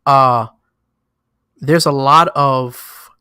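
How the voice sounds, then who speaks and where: Bright-toned New man in casual chat. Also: medium pitch, fairly even intonation, extremely slow, clean tone, dry recording, studio quality. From New York. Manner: loose, boastful storytelling with slang. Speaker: podcast co-host.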